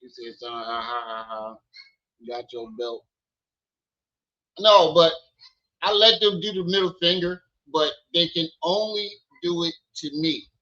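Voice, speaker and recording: A man hosting a casual live stream from home, teasing his kids loudly and then chatting with viewers. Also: a little high, measured pace, long pauses, lo-fi sound. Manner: loud playful teasing with his kids, then relaxed talk. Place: at home with children.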